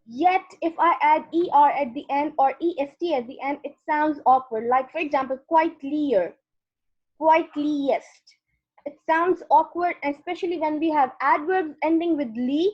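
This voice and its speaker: A woman with a high voice teaches grammar over an online class, talking her students patiently through each step. Her sound is dull and lo-fi, as from a computer mic on a call. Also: normal speed, hardly any pauses. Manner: patient, explains step by step with repeated "okay".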